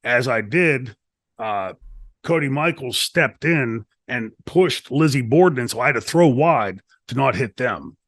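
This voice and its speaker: A middle-aged man recounting a wrestling story in a shoot interview, animated and profane, acting out the lines people said. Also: mid-range voice, unhurried, no room sound. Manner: animated, profane, acts out quotes in his story. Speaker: retired wrestler telling a story. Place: wrestling promotion studio. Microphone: studio mic.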